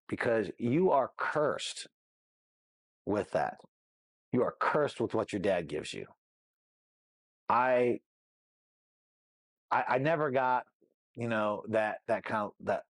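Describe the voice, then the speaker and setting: A man's voice: medium pitch, no echo. A middle-aged man speaking as an interview guest, telling his story candidly and rambling with lots of "you know what I mean" asides.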